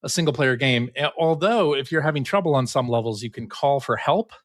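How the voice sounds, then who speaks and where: Man, mid-pitched, podcast co-host, relaxed, many uh fillers, dry close sound. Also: fairly quick, no echo. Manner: relaxed, hesitant, frequent uh fillers. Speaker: podcast co-host presenting news. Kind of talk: casual chat.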